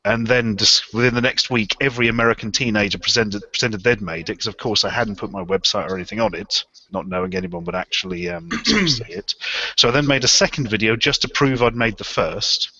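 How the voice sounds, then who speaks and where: A man's voice: medium pitch, expressive, fairly quick, vocal fry, hardly any pauses, bright, forceful tone. A man telling a long, rambling, self-mocking story with casual swearing on a live stream panel. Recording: dull lo-fi live stream audio.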